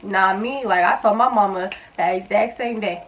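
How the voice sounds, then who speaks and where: This is a woman in her twenties, a vlogger, with a medium-pitched voice at normal speed and a little background noise. She casually shares a personal story, blunt and candid, full of fillers and swearing. The recording is tinny, like a phone.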